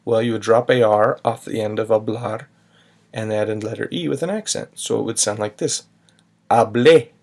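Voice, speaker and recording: A man's voice: on the low side, brisk, creaky, darkish tone. A man teaching a recorded grammar lesson, patiently spelling out verb endings step by step. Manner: patient, spells out endings, sings a short chant. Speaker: Spanish teacher.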